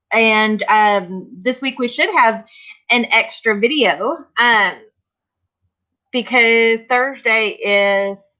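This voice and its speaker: A tired, yawning woman hosting a casual livestream, chatting slowly and greeting viewers by name. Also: fairly high pitch, pushed and bright, lo-fi sound. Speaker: livestream host of a vinyl crafting channel.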